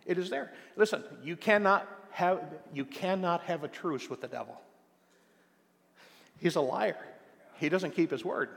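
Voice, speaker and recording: An older American man preaching a sermon as pastor. He talks emphatically, slows down to stress key phrases and uses plenty of fillers. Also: high voice, vocal fry, a bit bright. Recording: long hall reverb.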